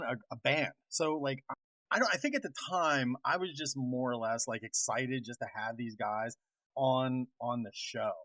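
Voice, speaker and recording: A male podcast co-host tells stories in a hesitant, rambling manner, full of fillers and restarts. His voice sits at a middle pitch. The recording is dry and somewhat dull. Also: a bit bright, dry recording. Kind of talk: casual chat.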